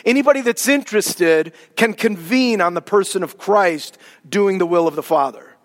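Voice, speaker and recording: A man pastor giving a sermon and prayer, animated preaching with casual asides. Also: high-pitched, moderate pace. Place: church sanctuary. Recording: long reverb of a hall.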